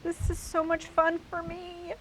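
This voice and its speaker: A woman's voice: very high voice, completely flat delivery, measured pace, fairly bright tone, rough recording. A woman hosting a quilting class, showing quilts to a live group and praising each one with enthusiasm. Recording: faint hiss.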